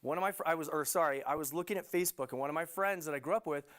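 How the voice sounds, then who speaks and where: A middle-aged man, a love coach, talking as a guest in a TV studio interview, animated and rambling with lots of fillers. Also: fairly high pitch, rapid-fire.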